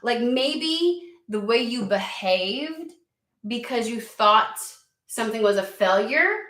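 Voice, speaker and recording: A woman's voice: fairly high pitch, lively intonation, slow pace, a bit bright, reverberant. A woman giving a casual tarot reading, chatty and rambling, swearing freely and saying "like" a lot. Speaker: tarot reader.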